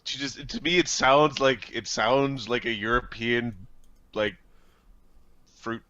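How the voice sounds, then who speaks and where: A man's voice: medium pitch, takes it slowly, bright, forceful tone. A man playing a tabletop game, chatting casually and joking, laughing often. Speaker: player. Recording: dull lo-fi sound.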